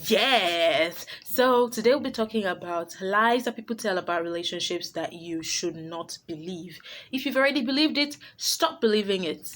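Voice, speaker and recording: A woman's voice: mid-range voice, animated, moderate pace, fairly bright tone. Blunt, emphatic woman vlogger. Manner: emphatic, blunt, laughs easily, repeats herself. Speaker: vlogger host. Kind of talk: casual to-camera advice vlog.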